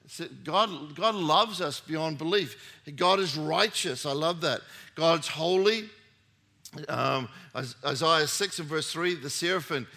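Man, middle-aged, pastor, sermon, conversational, emphatic peaks, bright voice. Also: fairly high pitch, takes it slowly, vocal fry.

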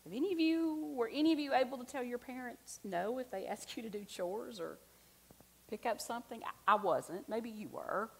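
A woman's voice: fairly high pitch, normal speed, gravelly, husky, rough recording. A woman giving a conversational sermon, telling stories and asking the congregation rhetorical questions. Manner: chatty, animated storytelling with rhetorical questions to the congregation. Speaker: preacher.

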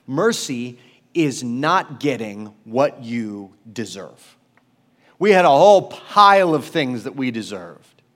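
A man preaching a sermon as pastor, emphatic and conversational, swinging from loud urgency to quiet low stretches. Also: very animated, takes it slowly. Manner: conversational, self-deprecating asides.

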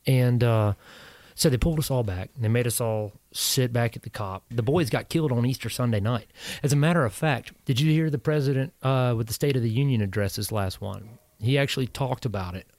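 A man's voice: medium pitch, a little fast, dry recording. A combat veteran, a man, telling war stories casually on a podcast, swearing freely and acting out the voices he quotes. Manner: animated storyteller, swears, acts out quoted voices. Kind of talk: casual storytelling. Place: indoor podcast setup.

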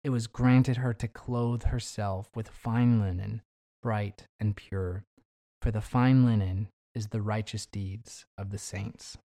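A man's voice: on the low side, fairly even intonation, slow pace, dark tone. A man preaching a sermon, reading scripture passages aloud and building emphasis as he explains them.

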